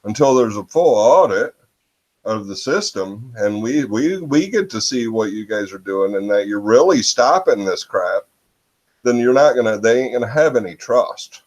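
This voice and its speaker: A man's voice: lowish voice, expressive, moderate pace, rough recording. A man from Michigan hosting a casual chat over a video call, musing and hesitant, often trailing off with "I don't know.".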